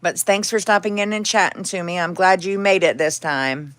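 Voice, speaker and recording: A woman's voice: lowish voice, fairly even intonation, moderate pace, fairly bright tone, no room sound. A woman hosting a casual home livestream, talking candidly and rambling, with a cat meowing now and then. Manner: rambling, candid, talks to her cats and chat. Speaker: livestream host.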